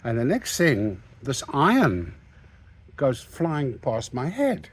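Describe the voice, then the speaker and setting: A man's voice: medium pitch, takes it slowly, husky. Older man telling stories animatedly. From South Africa. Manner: animated, acts out the quoted lines. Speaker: interview guest. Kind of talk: anecdotal storytelling.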